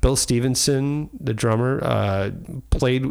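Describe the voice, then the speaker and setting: A man's voice: medium pitch, slow, vocal fry, darkish tone, smooth. A man hosting a podcast in a casual chat, talking in a rambling, enthusiastic way with many fillers. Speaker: podcast host.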